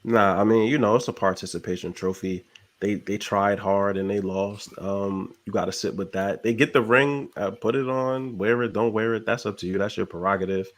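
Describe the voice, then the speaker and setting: A man's voice: fairly low pitch, moderate pace. A man co-hosting a casual sports podcast, laid-back and blunt, with slangy talk. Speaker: podcast co-host.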